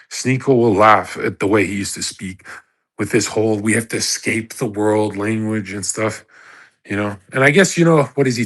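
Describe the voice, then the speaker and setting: A man's voice: medium pitch, a bit bright. A man in his thirties hosting a live audio chat room, lecturing in an emphatic, profane casual rant. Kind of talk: casual ranting monologue.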